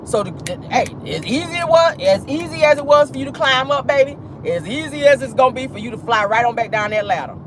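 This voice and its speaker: A woman's voice: high voice, animated, fast, few pauses, noisy background. A woman with an African American Vernacular English accent hosting a casual livestream, talking bluntly and sassily and laughing often. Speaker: vlog host.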